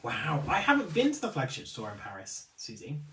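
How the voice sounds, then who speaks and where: A chatty man hosting a live stream, his pitch swinging up and down as he reads out viewer comments. He sounds set back from the mic in a roomy, echoing space. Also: brisk, distant mic, slight background noise. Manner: chatty, apologetic and animated. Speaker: livestream host for a beauty retailer.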